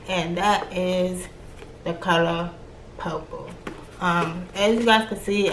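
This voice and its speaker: A woman's voice: lowish voice, a bit bright. Young american woman vlogging, atlanta-virginia-new york accent, chatty and slangy, echoey room with faint noise behind. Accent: American, mix of Atlanta, Virginia and New York. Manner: chatty and slangy, voicing her own reactions. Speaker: book review vlogger. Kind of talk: casual chat. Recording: roomy echo with faint background noise.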